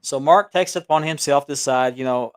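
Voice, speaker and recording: Over a delayed remote call from his small-town home, a man who co-hosts a collectors' show about belts spins a meandering tale, often restarting and chuckling. His voice is medium-pitched, fairly quick and smooth, with no room sound and a clean studio quality.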